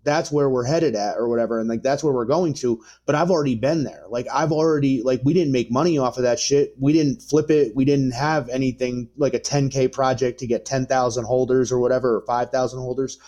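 Man, 30s, dark mellow voice, casual profane storytelling, rambling fillers. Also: mid-range voice, a little fast, hardly any pauses. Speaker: podcast guest.

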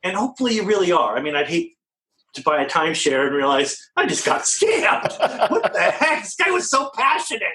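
A man with a fairly high voice that leaps around in pitch. He talks as a guest on a podcast, animated and joking, firing off rhetorical questions. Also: brisk, reverberant, rough recording. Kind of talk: casual interview chat.

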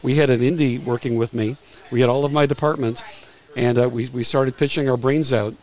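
A retired music publicist in his sixties, a guest on a casual interview show, tells anecdotes from his career at an easygoing pace. His medium-pitched, darkish voice has fairly even intonation, and he halts often, restarting phrases and repeating words. The recording is low quality.

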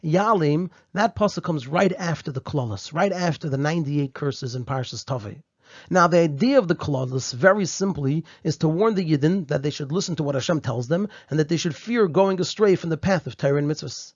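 A Torah teacher with a fairly high voice explains a Torah text line by line, repeating key phrases and giving Hebrew and Yiddish terms their Ashkenazi pronunciation. He talks fairly quickly, his tone a little mellow. The recording is dry, a bit dull, and has no room sound.

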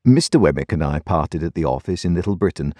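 A man narrating a classic novel in measured, expressive storytelling. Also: sits low, no echo, studio quality. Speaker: audiobook narrator. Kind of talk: scripted narration.

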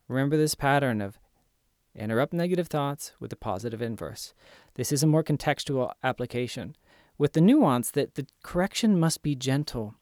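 A man's voice: medium pitch, lively intonation, moderate pace, a little mellow, no echo, clean studio sound. A man giving earnest, emphatic self-help instruction in a coaching tone. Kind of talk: motivational instruction.

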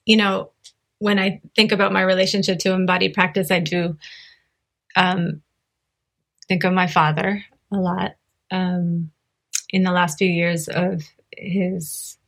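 Middle-aged woman talking things through slowly, heavy vocal fry, lots of um and you know. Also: fairly low pitch, level tone, a bit bright. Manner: thoughtful, hesitant, many fillers and restarts. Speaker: guest in a group conversation. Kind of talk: reflective casual conversation.

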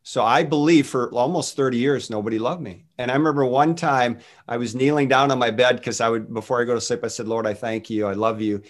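A man's voice: mid-range voice, fairly quick, hardly any pauses. A middle-aged man, a guest minister, earnestly telling personal faith stories in a casual talk, with many restarts.

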